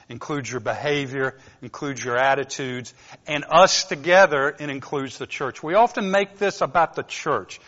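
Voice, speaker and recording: Southern preacher with a North Georgia accent, chatty and folksy, mid-pitched voice, recorded muffled with a long hall reverb. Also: male voice, a bit bright. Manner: conversational, folksy, self-deprecating asides. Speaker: pastor. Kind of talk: informal sermon.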